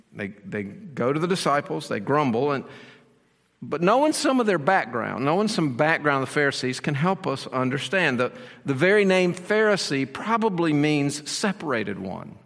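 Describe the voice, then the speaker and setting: Pastor preaching in a reverberant hall. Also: male voice, on the high side, fairly bright tone. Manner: explanatory, with rhetorical questions and repeated phrases. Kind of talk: sermon.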